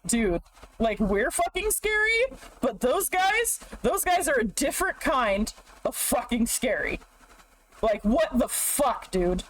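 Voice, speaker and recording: Brief: rough cowardly orc warriors, put on by a woman streamer, blustery and crude, voice pitched up. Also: sing-song, no room sound, poor audio. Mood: boastful, nervous. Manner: blustery, crude, quickly backing down. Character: rough male orc warriors, boastful then cowed.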